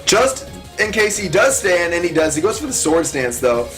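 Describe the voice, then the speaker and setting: A young man giving chatty, excitable live commentary on his own gameplay, talking through each move. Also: high voice, moderate pace, soft background music. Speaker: gaming commentator.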